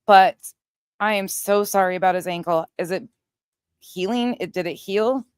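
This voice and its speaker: A woman's voice: mid-range voice, moderate pace, clean tone, no echo, clean studio sound. A woman hosting a livestream, chatting casually and thanking viewers by name. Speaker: channel host.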